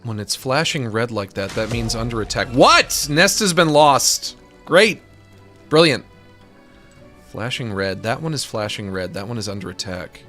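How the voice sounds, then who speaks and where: Man, gaming streamer, casual commentary, very lively pitch, excitable, faint music behind. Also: normal speed, few pauses. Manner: excitable, swings between delight and frustration, swears.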